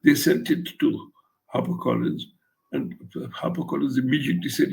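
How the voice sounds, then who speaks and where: Speaking at normal speed in a deeply gravelly voice full of fry that rises and falls lively, an older Indian author recounts a story in an interview with blunt, wry humour, performing the lines of the people in it. The audio quality is poor.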